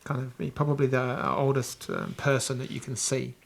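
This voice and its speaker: A man with a New Zealand accent narrating as game master of a tabletop game, rambling with many pauses and restarts. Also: mid-range voice, fairly even intonation, gravelly.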